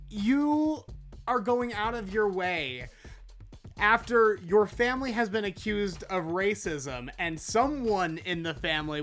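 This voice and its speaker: A woman delivers comedic news commentary in a sarcastic, mocking rant, her pitch sitting squarely in the middle of the usual range. Faint music plays softly behind her.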